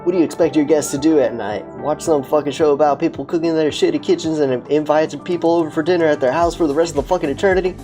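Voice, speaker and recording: A man's voice: medium pitch, moderate pace, music in the background, lightly acted. A man voicing a crude, swearing male police commissioner with an Australian accent in a game. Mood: blustering. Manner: swearing, blustering.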